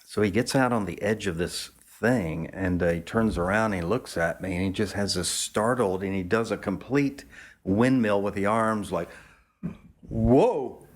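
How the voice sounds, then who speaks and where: Low-voiced man telling a rambling story. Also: moderate pace. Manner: loose, rambling, profane, chuckling. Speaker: photographer guest. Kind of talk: casual storytelling anecdote.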